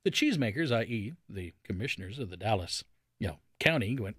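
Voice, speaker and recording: A man's voice: lowish voice, animated, a little fast, fairly bright tone, a little hiss or hum. A man hosting a radio talk show, giving folksy, sarcastic commentary and acting out silly voices.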